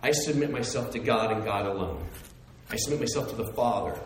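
A man voicing a calm, resolute male savior in a sermon, low and soft, recorded from a distance in an echoey hall. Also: brisk, a little hiss or hum, lightly acted.

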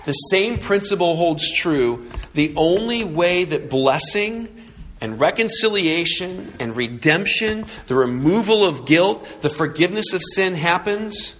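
Earnest higher-voiced male preacher. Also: animated, measured pace, a bit bright. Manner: earnest, rising in intensity on key points, prays aloud. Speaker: pastor. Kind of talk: sermon.

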